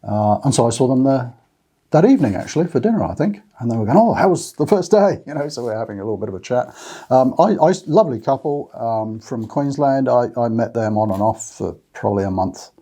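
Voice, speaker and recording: Australian male vlogger, husky, relaxed, rambling casual chat to camera. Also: medium pitch, brisk. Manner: rambling, many fillers and restarts. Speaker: Camino walking channel host. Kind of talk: casual talk to camera with notes.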